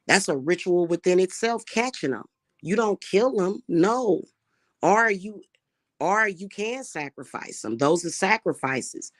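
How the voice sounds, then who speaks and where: A woman's voice: on the low side, a little slow, no room sound. Woman, casual profane rant to camera, dry close recording. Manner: brash, profane, animated. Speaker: spiritual reader and vlogger.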